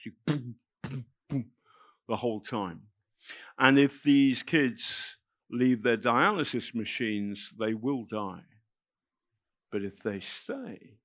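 Halting storyteller, dry close sound. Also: male voice, fairly low pitch, fairly bright tone, no echo. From England. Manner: halting, repeats words, emotional storytelling. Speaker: festival speaker telling a story. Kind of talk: spoken anecdote to a live audience.

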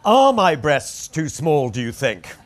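A man voicing a candid princess in a hushed, low tone while reading his memoir aloud. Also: big pitch swings, slow pace, a little hiss or hum. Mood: confiding. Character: a royal princess, candid and confiding, speaking softly.

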